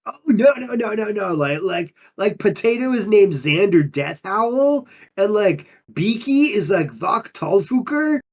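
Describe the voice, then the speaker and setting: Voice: medium pitch, sing-song, unhurried. A performer playing a laid-back undine monk who talks in drawling surfer slang, in an improvised in-character interview. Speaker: player character.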